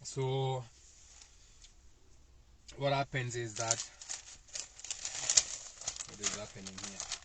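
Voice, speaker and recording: A man with a mid-range voice and a Kenyan, Kikuyu-speaking accent hosts a casual spiritual self-help talk for viewers. He speaks extremely slowly, pausing often, in a loose, repetitive way full of fillers. The recording is very noisy.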